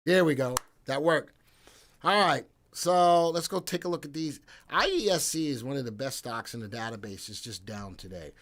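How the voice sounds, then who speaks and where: Man, live stream host, casual chat, mid-pitched voice, thinks aloud, talks to viewers by name. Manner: gets loud and excited when reacting to chat.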